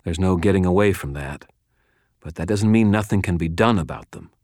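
Deep-voiced man narrating a story. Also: brisk, a little mellow, dry recording, clean studio sound. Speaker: audiobook narrator. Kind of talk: scripted first-person fiction narration.

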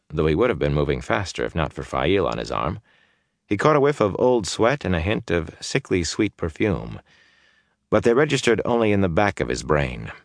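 Man, audiobook narrator, very low voice, dry close sound, measured pacing. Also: gravelly, no echo. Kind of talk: scripted fantasy narration.

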